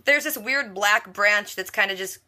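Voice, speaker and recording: A woman's voice: mid-range voice, moderate pace, pushed and bright. A woman recapping a TV episode in a casual, snarky vlog, chatting along with lots of "like" and "freaking". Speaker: TV reaction vlogger.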